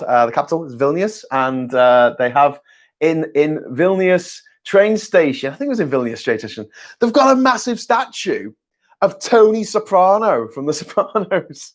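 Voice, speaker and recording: A man hosting a loose live-stream chat, reading viewer comments aloud. He rambles and corrects himself mid-sentence, tosses in sarcastic jokes and casual swearing. His pitch sits in the middle range. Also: animated, moderate pace. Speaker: host.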